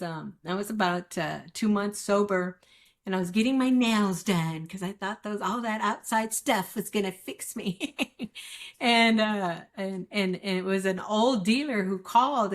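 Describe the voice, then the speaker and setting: A woman guest giving a candid, emotional account of her recovery, acting out the voices of people she quotes. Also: medium pitch. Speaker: guest sharing recovery story. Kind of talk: candid personal testimony.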